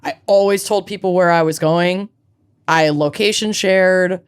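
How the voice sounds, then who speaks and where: Podcast co-host, woman, 30s, low and smooth, blunt and salty. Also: fairly even intonation, measured pace. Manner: frank and profane. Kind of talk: casual chat.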